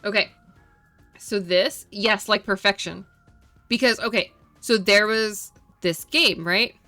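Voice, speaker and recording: Young female streamer, bright and crisp, dry close mic; chatty, rambly, repeats herself; soft music underneath. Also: medium pitch, takes it slowly, no echo. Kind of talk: casual chat with viewers.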